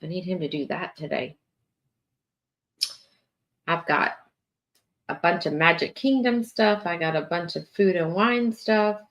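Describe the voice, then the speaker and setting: A woman with a voice on the low side chats casually with her viewers while hosting a morning livestream. She's tired, drags her words out, yawns, and fills gaps with fillers, and the audio lacks high frequencies.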